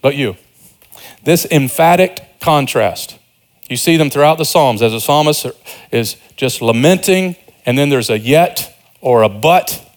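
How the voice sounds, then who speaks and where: A man's voice: on the high side, animated, unhurried. Earnest man preaching a sermon. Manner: earnest preaching, rising emphasis then quiet asides. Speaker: pastor.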